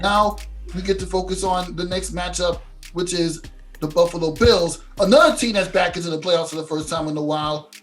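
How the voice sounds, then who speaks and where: A man's voice: sits high, steady tone, brisk, faint music behind. A man hosting a casual sports podcast, hyped and steering the talk with questions. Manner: hyped, asks questions, leads the segments. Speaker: podcast host.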